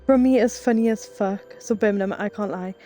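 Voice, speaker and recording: A woman's voice: mid-range voice, brisk, warm tone. A young woman with a Geordie accent chatting casually with viewers on a live stream, reading chat aloud, swearing and laughing as she goes. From Northeast England.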